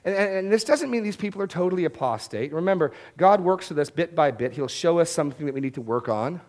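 A man's voice: fairly high pitch, animated, fast talker, a little mellow. A man preaching a Bible-teaching sermon in a conversational way, often repeating words as he restarts a thought.

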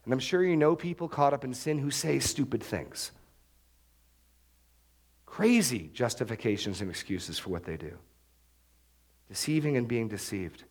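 A middle-aged male pastor preaching an expository sermon, emphatic and repetitive, with sharp upward jumps when he stresses a point. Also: medium pitch. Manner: emphatic, repeats key phrases, rises sharply for stress.

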